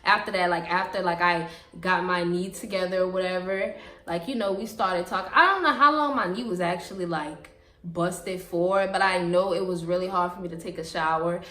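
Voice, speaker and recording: A young woman with a Southern US accent telling a storytime vlog in an animated, dramatic way, full of fillers. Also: on the low side, moderate pace. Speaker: vlogger. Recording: echoey room with faint music.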